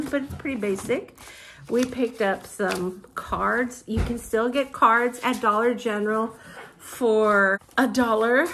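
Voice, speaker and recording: A woman's voice: fairly high pitch, fairly bright tone, a little hiss or hum. A woman chatting through a casual shopping haul vlog at home, bubbly and talkative, keeps addressing viewers as "you guys". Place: at home, with her mother nearby. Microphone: propped-up phone camera.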